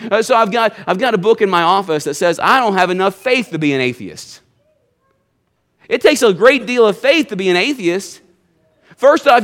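Man, high voice, preacher, conversational church sermon, keeps asking "you see?". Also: a bit bright.

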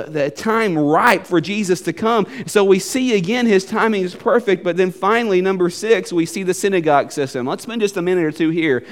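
A man preaching a sermon, animated, and often repeating a short refrain. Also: high voice. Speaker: pastor.

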